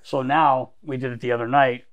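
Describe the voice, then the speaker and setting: A man's voice: mid-range voice, level tone, brisk, lo-fi sound. A male podcast co-host telling stories with energy and acting out other people's lines. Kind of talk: animated storytelling.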